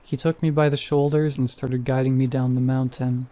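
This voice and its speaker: A man narrating a scripted first-person horror story in a measured, steady way. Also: mid-range voice.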